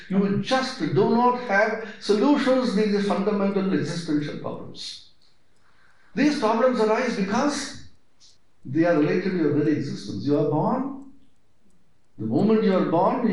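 Male spiritual teacher, emphatic lecture, heavy hall echo. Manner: emphatic, rhetorical questions, lively swings in pitch. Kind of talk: spiritual discourse. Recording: very echoey hall.

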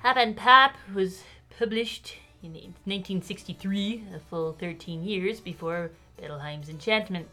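A woman's voice: lowish voice, unhurried, hardly any pauses, sharp tone, faint music behind, pitched below the performer's own voice. A woman voicing a snooty, overeducated female academic, reading in a pompous, nasal way. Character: snobby overeducated female literary scholar.

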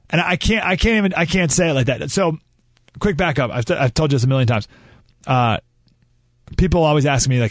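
A man hosting a talk radio show, speaking in an animated, ranting monologue that often interrupts itself. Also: mid-range voice, brisk, no room sound, clean studio sound. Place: radio studio. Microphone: studio mic.

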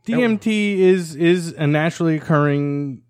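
A man's voice: fairly high pitch, moderate pace, a little mellow, clear, resonant tone, dry recording, studio quality. A man working as the show's producer, chiming in on a podcast chat in a laid-back, swearing way. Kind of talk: casual chat.

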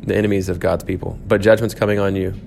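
A man's voice: low-pitched, little pitch movement, quick pace, gravelly, darkish tone, slight background noise. A man teaching a church class, thinking aloud with frequent restarts and fillers.

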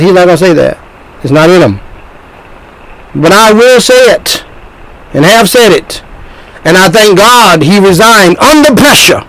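A man delivers an emphatic sermon in a notably high voice. He circles back on his words, repeating phrases as he drives each point home. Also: poor audio. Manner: emphatic, animated, repeats himself. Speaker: preacher.

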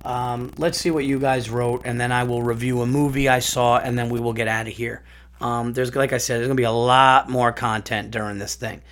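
A man hosting a comedy podcast, telling family stories in a rambling, animated way with some profanity. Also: medium pitch, brisk. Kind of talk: casual comic monologue.

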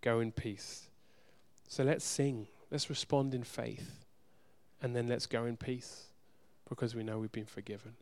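A man preaching a sermon, speaking earnestly and directly to his congregation, swinging from loud urgency to soft hushed moments. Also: medium pitch, steady tone, normal speed. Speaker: pastor.

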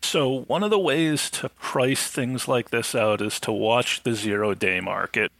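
A man on a podcast panel, explaining things in a measured way with a dry sense of humor. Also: mid-range voice, vocal fry, fairly bright tone, no room sound. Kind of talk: casual podcast discussion.

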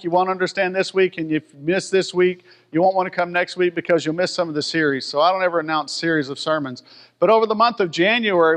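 A male pastor preaching a sermon in a church, in a folksy way with joking asides to the congregation. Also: sits high. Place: church auditorium. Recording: long hall reverb.

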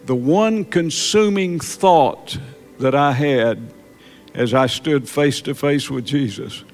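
A man preaching a sermon in church, halting and repeating words, then building to emphatic peaks. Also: medium pitch, darkish tone, soft background music. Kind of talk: sermon testimony.

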